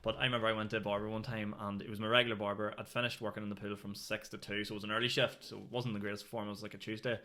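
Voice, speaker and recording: A man's voice: lowish voice, level tone, racing, hardly any pauses, pushed and bright. A young man hosting a podcast, telling rambling stories full of fillers and swearing. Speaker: podcast host and comedian. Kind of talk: casual podcast chat.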